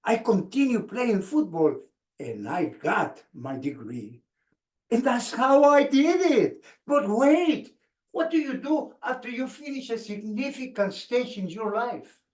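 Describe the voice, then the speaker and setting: A man, giving an expressive motivational speech with dramatic pauses. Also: very high-pitched. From Mexico. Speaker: speaker. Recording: echoey room.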